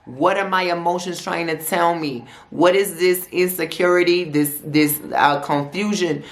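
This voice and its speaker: A woman's voice: lowish voice, fairly even intonation, a little slow. A woman giving a weekly tarot forecast in a chatty, slangy way, repeating phrases and adding playful asides. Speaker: tarot reader.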